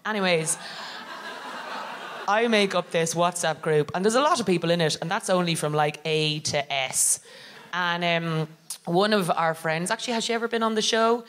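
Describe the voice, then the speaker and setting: An Irish woman co-hosting a live podcast, telling a funny story with lots of laughter and acted-out voices. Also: normal speed. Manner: animated, laughing, acting out quotes in high voices. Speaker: co-host. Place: live show on a theatre stage.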